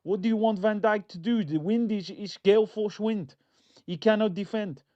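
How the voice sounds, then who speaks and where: A man's voice: high voice, normal speed, dark tone, pitched above the performer's own voice, natural voice. A man putting on a mock Dutch accent to play an exasperated football manager making excuses, in dull lo-fi stream audio. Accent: put-on Dutch. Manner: over-the-top mock accent, pleading.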